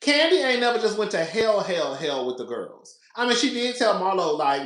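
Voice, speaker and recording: A podcast host riffs casually on reality TV, his high, fairly bright voice sing-song at a normal speed. Sassy and laughing often, he repeats himself and calls listeners "girl," and the room around him is echoey.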